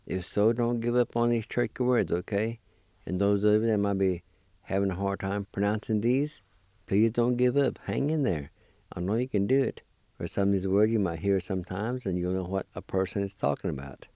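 Slow, patient male language teacher. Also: on the low side, mellow, no room sound, studio quality. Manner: spells and sounds out words syllable by syllable; patient and encouraging. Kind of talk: radio language lesson.

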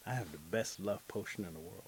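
Man putting on quiet clever mole, hushed, low gravelly voice. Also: brisk, exaggerated voice. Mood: confiding.

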